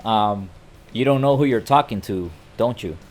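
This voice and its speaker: A man's voice: fairly low pitch, normal speed, natural voice. A man doing a stern loyal bodyguard. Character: loyal, threatening male bodyguard.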